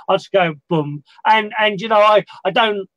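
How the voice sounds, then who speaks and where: A man's voice: high-pitched, normal speed, dry recording, muffled recording. A man hosting a casual conversation, talking in a hesitant way with many restarts. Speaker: host.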